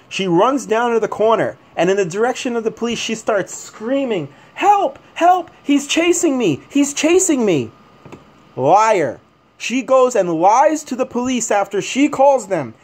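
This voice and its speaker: A man's voice: on the high side, darkish tone. A man vlogging, telling a story to camera in a rambling, agitated way, with many fillers and restarts.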